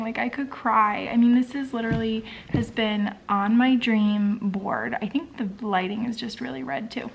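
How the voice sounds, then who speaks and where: A woman talking casually in a personal vlog at home at bedtime, gushing with excitement and gratitude, sometimes dropping into soft near-whispers. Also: fairly high pitch, normal speed, creaky. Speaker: vlogger.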